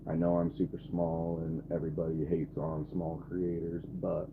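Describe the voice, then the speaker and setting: A man's voice: sits low, flat delivery, moderate pace, background noise. A man in his twenties live streaming and talking to his chat, blunt and irritated, swearing often. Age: 20s. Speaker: livestreamer. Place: camper. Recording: tinny phone-like audio, faint ambience.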